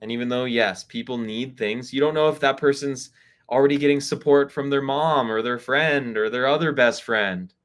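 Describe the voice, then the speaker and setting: Over a video call, a man hosts a live online spiritual gathering as a spiritual reader and community host, giving candid, casual advice about friendships and acting out snippets of dialogue. His voice is mid-range and fairly bright at a moderate pace.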